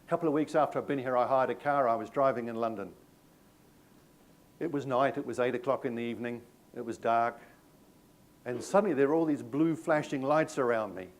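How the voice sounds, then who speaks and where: A middle-aged man with a New Zealand accent runs a live staff training session, talking with an audience at a medium pitch. He keeps it conversational and tells anecdotes with a self-mocking humour. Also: brisk. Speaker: workshop presenter.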